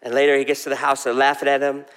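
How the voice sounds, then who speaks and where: A man's voice: medium pitch, level tone, very fast, fairly bright tone, smooth, in a large hall. A male pastor preaching a sermon in a conversational way, asking the congregation questions.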